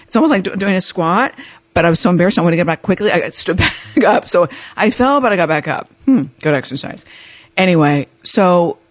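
A woman podcast host telling a personal story in an animated way, acting out the voices of the people in it and laughing often. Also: lowish voice, a little fast, dry recording. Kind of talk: storytelling monologue.

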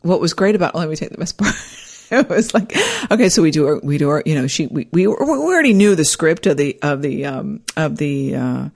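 A woman casually telling a personal story, animated and rambling, with frequent restarts. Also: low-pitched, brisk, creaky. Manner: animated, acts out quoted dialogue.

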